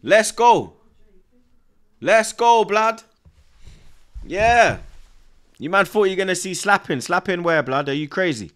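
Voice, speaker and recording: Young man, live football fan-stream host, brash and taunting, raised voice with a hard bright edge. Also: sits high, slow, pauses often. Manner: excitable, repetitive, taunting rival fans.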